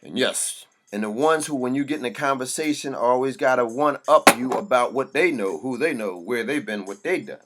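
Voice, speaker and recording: A man with a mid-pitched voice pours out a passionate monologue. He is blunt and swears freely. His delivery comes in forceful, preaching bursts. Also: moderate pace, hardly any pauses, soft background music. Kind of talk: impassioned monologue.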